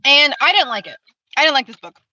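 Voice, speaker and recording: A woman's voice: sits high, lively intonation, fast, pushed and bright, no room sound. Woman, blunt, casual, filler-heavy, dull call audio, dry sound. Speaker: book club member. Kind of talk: casual book discussion over a call. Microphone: video call.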